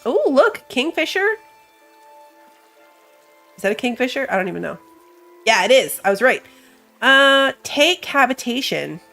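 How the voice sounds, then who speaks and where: A woman with a stuffy nose gives casual let's-play commentary, reading out game text and laughing at her own slips. Her voice sits high and bounces around in pitch. Soft game music plays underneath. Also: sing-song, unhurried, creaky, pauses often. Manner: thinks aloud, reads game text, laughs at herself. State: stuffy from allergies. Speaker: gamer.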